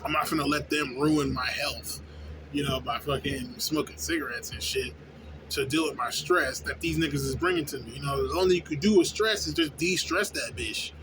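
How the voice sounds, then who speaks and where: A young man who works at a fast-food place, venting in a casual, profane, rambling way and often asking "you know what I'm saying?". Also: mid-range voice. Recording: noisy background with vehicle sounds.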